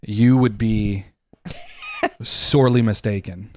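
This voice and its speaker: A man's voice: fairly low pitch, huge pitch swings, slow pace, a little mellow. A man co-hosting a casual podcast, arguing heatedly and emphatically, with lots of swearing. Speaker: podcast co-host.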